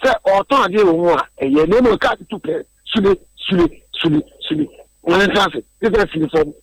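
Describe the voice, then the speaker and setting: A man's voice: sits high, lively intonation, fast, no echo, poor audio. A man speaks on a radio discussion in a slightly raised register. He explains at length, earnest and methodical. He often repeats words as he builds each point.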